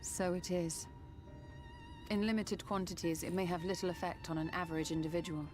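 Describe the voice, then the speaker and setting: A woman doing a cool, measured mage-scholar. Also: lowish voice, fairly even intonation, darkish tone, soft background music, lightly acted. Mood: grave. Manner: formal, measured.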